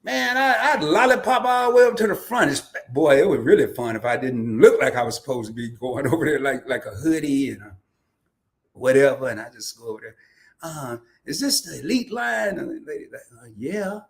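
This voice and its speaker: A man's voice: mid-range voice, fairly quick. A man from Arkansas, hosting a casual livestream and telling stories with laughs and lots of restarts. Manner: animated storytelling with laughs and repeated restarts. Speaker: host.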